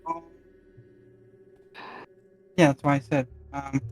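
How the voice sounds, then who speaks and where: A man's voice: medium pitch, level tone, slow, a little mellow, soft background music. A man playing in a tabletop game, joking dryly and rambling. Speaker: player.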